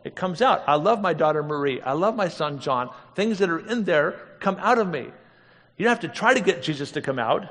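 Guy preaching, kinda high voice, animated storyteller, big hall echo. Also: a little fast. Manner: animated, laughing storyteller with rhetorical questions. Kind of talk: storytelling sermon. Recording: long reverb of a big hall.

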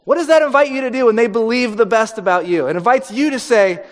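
High-voiced man preaching in a reverberant hall. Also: quick pace, hardly any pauses. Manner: conversational, acts out quoted voices for laughs. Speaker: pastor. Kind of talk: sermon.

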